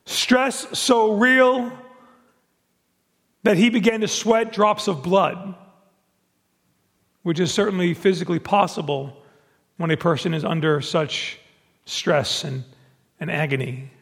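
A man's voice: high-pitched, takes it slowly, long pauses, fairly bright tone, big-room sound. A man preaching a sermon and reading scripture aloud, earnest, often repeating words as he builds a point. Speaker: pastor.

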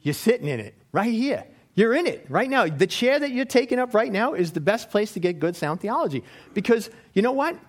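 A man giving a sermon in a lively, storytelling way, asking the same questions again and again. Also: high voice, brisk. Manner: animated storytelling with repeated questions. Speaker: lay preacher.

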